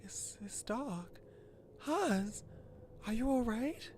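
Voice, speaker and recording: A man voicing an earnest young female detective in a high, anxious voice. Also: expressive, extremely slow, a little mellow, slight background noise, heavily acted. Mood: alarmed. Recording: game music behind.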